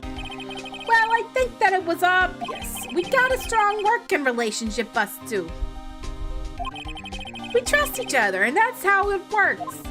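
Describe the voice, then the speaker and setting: Woman doing a gruff folksy male detective. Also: extremely high pitch, sing-song, a little slow, long pauses, music in the background, pitched above the performer's own voice, heavily acted. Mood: earnest. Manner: folksy, calls people pal. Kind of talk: reading game dialogue aloud.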